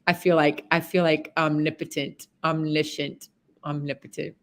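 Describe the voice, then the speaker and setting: A woman's voice: low-pitched, level tone, normal speed. Rambling, chatty woman coaching over a call. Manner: rambling, chatty and candid, with mild swearing. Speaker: horsemanship coach. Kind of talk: live coaching session.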